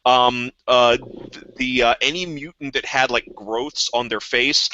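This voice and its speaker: A man's voice: medium pitch, steady tone, a little slow, pushed and bright, slight background noise. A man co-hosting a podcast, musing thoughtfully in a casual way. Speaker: podcast co-host. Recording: dry, dull lo-fi podcast audio.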